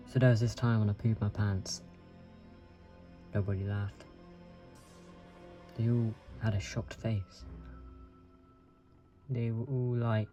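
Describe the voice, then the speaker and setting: Mock-boastful man, mellow voice. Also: on the low side. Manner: mock-boastful, deadpan absurd. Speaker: channel host. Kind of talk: comedic storytelling. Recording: dull lo-fi with faint music.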